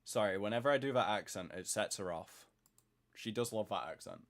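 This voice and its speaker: A man's voice: on the low side, animated, a little fast. A man chatting casually and rambling to himself while he builds in a game, thinking aloud to viewers.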